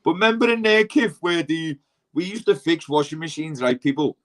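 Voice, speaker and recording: A man's voice: on the high side, moderate pace, a bit bright. Scouse male host, chatty and slangy, spins long anecdotes with quoted dialogue. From Liverpool. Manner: rambling, slangy, quoting others in dialogue. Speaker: podcast host. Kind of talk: casual storytelling chat.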